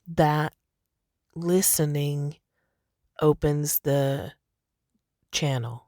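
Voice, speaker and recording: A woman's voice: low-pitched, extremely slow, dark tone, dry recording, studio quality. A woman hosting a podcast, talking in a casual, chatty monologue. She laughs often and fills her talk with "you know" and "like". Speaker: podcast host.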